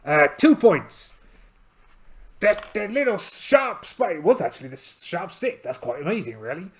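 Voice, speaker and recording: A man's voice: a little high, big pitch swings, normal speed. A man narrating a solo tabletop game in a chatty, self-amused way, adding playful asides as he rolls dice.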